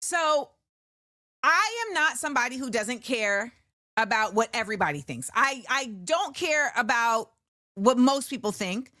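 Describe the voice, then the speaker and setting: A chatty, animated woman hosts her talk show with a slightly high voice. She is recorded dry and close, with no room sound at all. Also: unhurried, no echo. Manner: animated, chatty, laughs often. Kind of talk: casual solo talk show chat.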